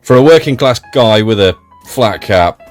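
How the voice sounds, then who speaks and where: British man, low-ish voice, chatty excited unboxing, soft music underneath. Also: normal speed. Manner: enthusiastic and chatty. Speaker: viewer unboxing a parcel. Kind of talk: casual unboxing commentary.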